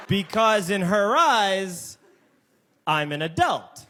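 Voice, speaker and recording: A man with a high, lively voice tells a story on stage, tossing in conversational asides. The recording carries clear background noise. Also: normal speed. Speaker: stand-up comedian. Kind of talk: stand-up comedy set.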